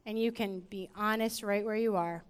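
A woman preaching a sermon to a women's gathering, soft and reflective, growing louder when calling the room to worship. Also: medium pitch, fairly even intonation, normal speed, clear, resonant tone. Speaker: women's ministry speaker.

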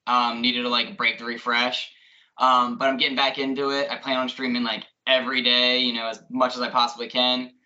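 Hesitant man with a bright voice. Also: medium pitch, flat delivery, fairly quick. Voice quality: hesitant, many ums. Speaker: podcast guest. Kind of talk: casual chat. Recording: dull lo-fi audio.

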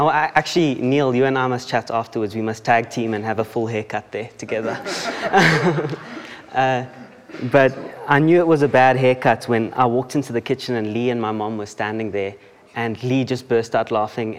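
South African man, chatty testimony in a church hall. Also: mid-range voice. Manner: self-deprecating, chatty, laughs often, frequent restarts. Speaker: church member giving a testimony. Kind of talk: conversational sermon testimony. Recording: long church-hall reverb.

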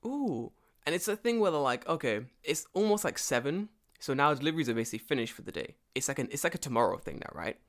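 A man's voice: on the high side, sing-song, fast, a bit bright. A man telling a story in casual chat, swearing often, laughing, and acting out both sides of a phone call. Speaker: storyteller in a conversation. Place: lives and works in Japan.

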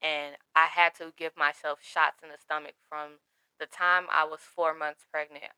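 Young woman, candid storyteller, crisp bright tone. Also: low-pitched, level tone, moderate pace, no room sound. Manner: candid, emotional, quotes others in her own voice. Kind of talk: personal storytelling to camera.

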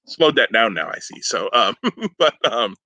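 A man's voice: on the low side, sing-song, measured pace, sharp tone, rough recording. A man hosting a podcast, telling a long rambling story in casual chat, often breaking off with fillers and chuckles. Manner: rambling, self-interrupting, chuckling. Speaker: podcast host.

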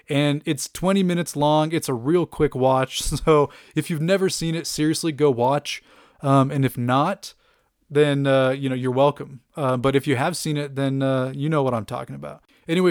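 A man's voice: mid-range voice, dry recording, clean studio sound. A man casually chatting about a cartoon episode, enthusiastic and rambling with lots of fillers and laughs. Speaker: podcast host reviewing a cartoon. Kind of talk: casual chat.

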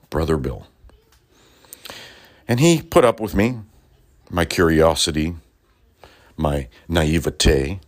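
A man delivering an impassioned, profane political rant, swinging between low mutters and loud outbursts.

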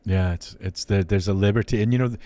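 A man's voice: lowish voice, quick pace, dark tone. A man hosting a faith interview show, talking earnestly and often restarting his sentences. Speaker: podcast host.

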